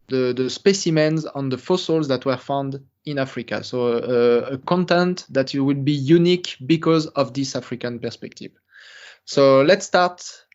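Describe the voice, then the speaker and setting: A man's voice: on the high side, darkish tone, highs cut off. A man from France with a French accent, giving a recorded lecture with careful, apologetic phrasing and many fillers. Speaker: paleontology lecturer.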